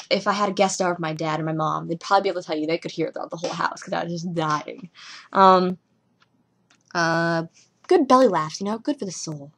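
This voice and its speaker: A young woman casually reviewing a TV episode at home, rambling and giggling through animated asides. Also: on the low side.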